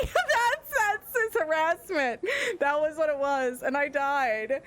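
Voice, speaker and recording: American woman streamer, high bright voice, laughs and swears nonstop while gaming. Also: unhurried. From United States. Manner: laughs constantly, animated, swears. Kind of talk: live gameplay commentary.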